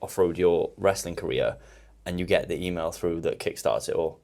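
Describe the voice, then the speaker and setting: A man hosting a podcast, musing in a relaxed, reflective way. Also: low-pitched, normal speed, creaky. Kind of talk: casual chat.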